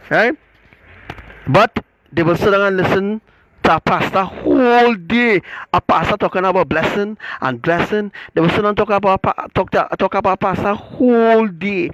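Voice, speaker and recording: High-voiced man ranting. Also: dull audio, slight background noise. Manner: forceful, repetitive, keeps asking "right?". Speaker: self-styled religious teacher. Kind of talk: livestream rant.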